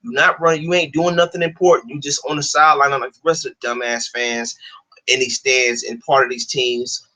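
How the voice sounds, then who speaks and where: A man's voice: mid-range voice, level tone, brisk, bright, forceful tone, low-quality recording. A man vlogging a heated, profane rant, repeating himself and swearing constantly. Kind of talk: profane ranting monologue.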